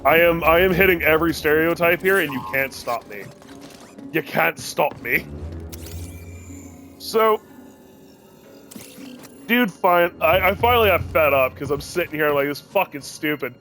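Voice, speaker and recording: A young adult man streaming a game, telling a rambling, profane story in a casual, animated way. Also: fairly high pitch, unhurried, pauses often. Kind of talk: casual storytelling while gaming. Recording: game music under voice. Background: game music.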